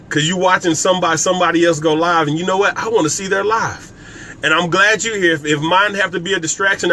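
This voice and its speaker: A man's voice: high-pitched, pushed and bright, a little hiss or hum. A man hosting a motivational live stream on business and scripture, speaking emphatically, repeating key phrases and addressing viewers by name. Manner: talks directly to viewers by name. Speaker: network marketing coach hosting a live stream.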